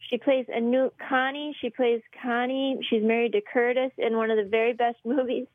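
A woman comedian chatting on a radio show, animated and rambling, laughing as she talks. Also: a little high, normal speed, no echo, narrow, tinny audio. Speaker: comedian guest. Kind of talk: casual radio chat.

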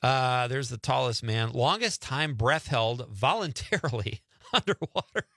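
A man's voice: medium pitch, lively intonation, measured pace, creaky, a bit bright, dry recording, clean studio sound. A man hosting a radio show in casual, joking chat, often laughing. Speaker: radio host.

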